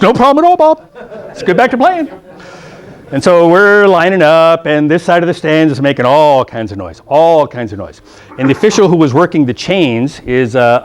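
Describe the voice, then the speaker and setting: A middle-aged man teaching a rules class to football officials, blunt and joking, checking in with "okay?" and acting out the people in his stories. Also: mid-range voice. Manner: acts out coaches' lines in funny voices. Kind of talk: classroom rules lecture with anecdotes. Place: meeting room.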